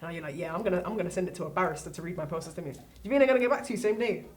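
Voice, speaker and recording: Brief: lowish, quick teen girl, emphatic advice-giver. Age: late teens. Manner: emphatic, repeats points, asks rhetorical questions. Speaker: student guest. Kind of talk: casual advice chat.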